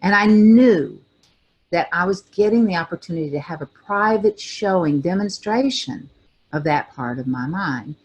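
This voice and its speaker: An older woman co-hosting a talk show, telling a personal story in a thoughtful way with pauses and restarts. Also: fairly low pitch, lively intonation, a little mellow. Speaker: co-host.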